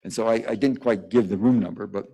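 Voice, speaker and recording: Male journalist at a press conference; dark, relaxed timbre, meandering and halting delivery. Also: fairly low pitch, slightly rough, rough recording. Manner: digressive, halting, many fillers and restarts. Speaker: guest journalist answering press questions. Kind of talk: rambling press conference answer.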